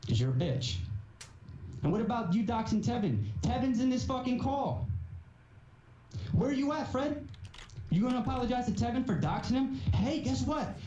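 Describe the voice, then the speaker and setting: A man's voice: extremely high pitch, big pitch swings, normal speed, long pauses. A man delivering an angry, profane callout rant on a livestream, confrontational and repeating his points with rising emphasis. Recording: muffled, roomy echo, faint hiss.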